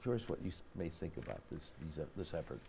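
A man hosting a public-access talk show, speaking haltingly with frequent restarts as he reads from an email and poses a question to his guests. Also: very deep voice, big pitch swings, gravelly, warm tone, slight background noise. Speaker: host.

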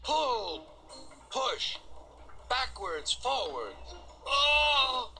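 Man putting on squealy stubborn old freight cars, whiny and shouty, high and bright. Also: big pitch swings, extremely slow, creaky, soft background music, exaggerated voice. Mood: protesting.

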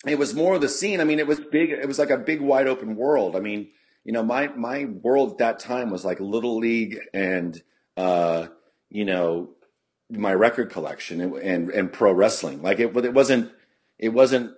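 A husky, low-voiced punk musician from California tells a story as a podcast guest at a moderate pace, his tone on the darker side. He's relaxed, swears freely and restarts a lot, dropping plenty of "you know"s, and the studio recording has no room sound.

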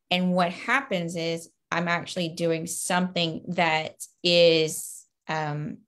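Upbeat woman author on a video call. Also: lowish voice. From Louisiana. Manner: earnest and upbeat, with lively bursts when telling anecdotes. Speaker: children's book author. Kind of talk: casual interview answers over a video call.

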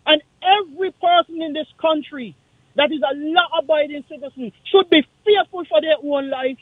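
A man with a Kittitian accent calling in to a radio talk show, speaking in an impassioned, forceful, repetitive way. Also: very high voice, moderate pace, no echo. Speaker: caller. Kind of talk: call-in radio rant. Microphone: phone line. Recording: tinny dry phone line.

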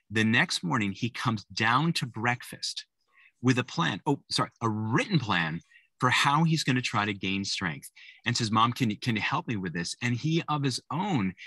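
A lively man with a bright, slightly husky voice talks parents through an idea in a relaxed way. His pitch moves around a lot as he explains. The sound is dry and close. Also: no echo. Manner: animated, acts out parent and kid voices. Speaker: co-author giving a book talk. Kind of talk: conversational talk to parents.

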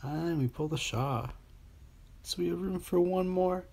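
Speaking a little slowly in a high, creaky voice, a man runs a mobile baseball game channel. He casually talks his way through opening card packs, relaxed and mostly addressing himself.

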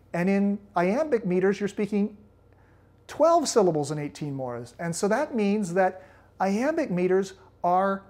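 A man's voice: high voice, darkish tone. A man hosting a video on Latin poetry, explaining casually as he thinks aloud, with frequent restarts and direct, friendly address to viewers. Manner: thinking aloud, many restarts while working through the arithmetic. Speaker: Latin teacher and video host.

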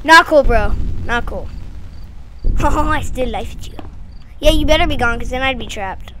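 A woman hosting a gaming channel, giving jumpy horror game commentary at home. She talks back to the monster, dropping to whispers, then taunting it loudly. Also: sits high, normal speed, long pauses. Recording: noisy background hiss.

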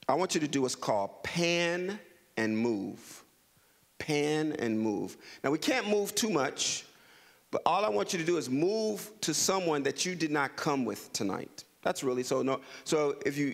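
A middle-aged man with a gravelly, fairly high voice speaks to a community audience. He keeps them involved with call-and-response and quick repeated prompts. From Los Angeles. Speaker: guest speaker. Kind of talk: interactive talk to a community audience.

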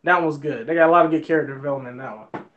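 A man co-hosting a casual film review chat, excitable and stumbling over repeated words. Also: on the high side, rapid-fire, lo-fi sound.

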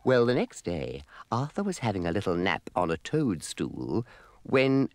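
A man's voice: sits low, very animated, a little slow, creaky, no echo, soft background music. A man narrating a storybook record in an arch, playful, wry manner.

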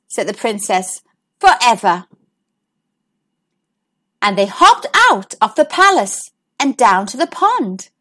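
Animated woman reading a kids' book. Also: on the high side. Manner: warm, animated, sing-song. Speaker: children's storyteller. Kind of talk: reading a picture book aloud to children.

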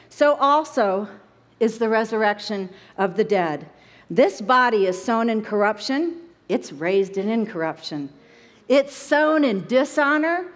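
A woman preaching and teaching scripture in an animated way. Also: fairly high pitch. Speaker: Bible study teacher. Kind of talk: sermon. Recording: echoey hall.

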